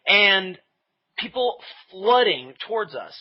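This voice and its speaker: A man with a husky, somewhat high voice tells a story with excitement, acting out every line of dialogue. His voice sits a little above the usual male range. The audio is dull and lo-fi. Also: slow pace. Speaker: interview guest telling a convention story. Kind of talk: animated anecdote in casual podcast chat.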